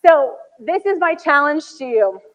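High-voiced woman preaching in a hall. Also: a little slow. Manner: animated storytelling with acted-out quotes, frequent "like". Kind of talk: sermon. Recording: dull hall recording.

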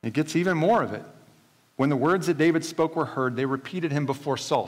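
A man preaching a sermon, retelling scripture in lively everyday paraphrase and voicing the characters. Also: on the high side, a little fast, in a large hall. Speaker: pastor.

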